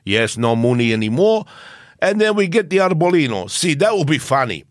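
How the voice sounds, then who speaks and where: A man's voice: a little high, big pitch swings, moderate pace, dry recording, clean studio sound. Man doing a put-on Italian accent, older racing team boss, scheming, broken English, bouncy intonation. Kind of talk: comic impression.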